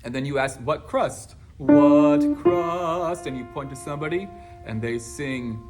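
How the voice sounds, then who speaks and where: A man, a choir teacher, explaining warm-up exercises in casual teaching talk, now and then breaking into song. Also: medium pitch, moderate pace, over loud music. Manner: animated, bursts into singing and acted class responses.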